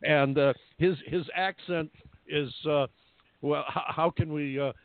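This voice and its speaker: A man's voice: a little high, steady tone, unhurried, creaky, no echo. A man hosting a radio talk show, chatty and jokey, laughing often as he talks. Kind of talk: casual radio chat. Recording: phone-like narrow sound.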